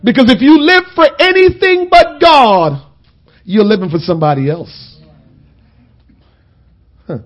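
A man preaching a sermon in a conversational, storytelling way that builds to loud, shouted points. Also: very high voice, expressive, measured pace, pauses often.

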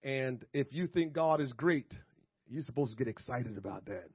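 A man's voice: medium pitch, animated, moderate pace, breathy edge, dry recording. A man preaching a sermon as pastor, emphatic and repetitive, chuckling between points, recorded dry and slightly muffled.

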